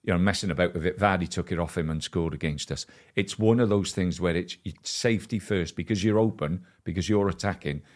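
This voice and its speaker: Older man, sixties, low voice, measured talk, interview guest. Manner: measured, frequent "you know" and restarts. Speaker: former football manager, guest. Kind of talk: casual interview chat.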